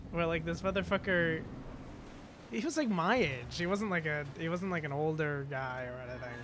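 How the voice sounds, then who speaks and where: A young British man streaming, telling a rambling story with lots of swearing, fillers and restarts. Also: fairly high pitch. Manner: halting, swears a lot, many fillers and restarts. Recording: steady background noise.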